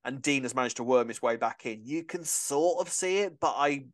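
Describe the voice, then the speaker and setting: A man's voice: mid-range voice, normal speed. A man co-hosting a podcast, chatting enthusiastically about a soap opera, often restarting his sentences. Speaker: podcast co-host.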